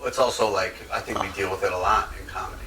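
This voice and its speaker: A man's voice: sits low, steady tone, fast talker, recorded from a distance. A man co-hosting a casual podcast, joking and hesitant in his remarks. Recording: roomy, off-mic with crowd noise.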